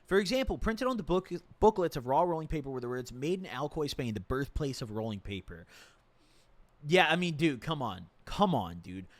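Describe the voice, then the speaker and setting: A man on a live stream, musing in loose slangy chat and circling back over his own points. His voice sits a little high and swings up and down freely. The sound is dry and close, with no room echo. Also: big pitch swings, moderate pace. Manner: rambling, repeats himself, slangy; reads a legal document aloud and reacts. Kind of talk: casual stream commentary.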